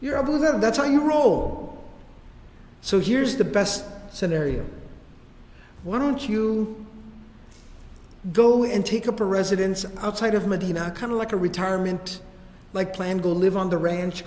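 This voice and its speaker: A patient, firm leader talking an old friend down in a soft, reasoning tone, as a teacher acts him out. The voice sits high and echoes through a large hall. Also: male voice, natural voice. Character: calm male community leader, patient and firm.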